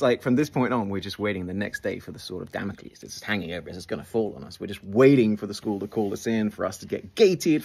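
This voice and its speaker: An English man telling a funny story from his school days in a casual, animated way, swinging his voice up and down for effect. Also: vocal fry, husky. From England. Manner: animated, big swings in pitch and loudness for effect.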